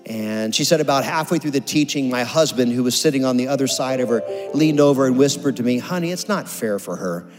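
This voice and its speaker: A man's voice: mid-range voice, steady tone, fast, few pauses. A man tells a testimony from the stage, earnest and dramatic, slipping into the voices of the people he quotes. His words ring out through a large hall's long reverb, with faint music playing underneath. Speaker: preacher telling a testimony. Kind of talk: sermon storytelling.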